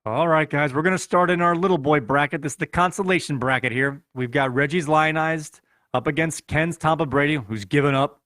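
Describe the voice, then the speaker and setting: A man's voice: a little high, fairly quick, a bit bright, no echo, studio quality. A man with a Chicago accent hosting a podcast, playfully reading through fantasy football scores in a running recap. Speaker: podcast host.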